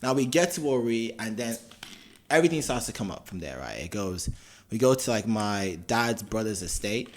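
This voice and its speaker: A man's voice: on the low side, animated, normal speed. Slangy young Irishman telling a story. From Ireland. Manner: loose, slangy, lots of fillers and swearing. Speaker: podcast co-host. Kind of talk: casual chat, storytelling.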